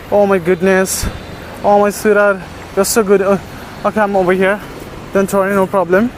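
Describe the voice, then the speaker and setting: A man narrating a casual vlog outdoors as he checks on stray dogs, talking to them softly and tenderly. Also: sits high, slight background noise. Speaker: vlogger caring for stray dogs. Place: outdoors, on a terrace.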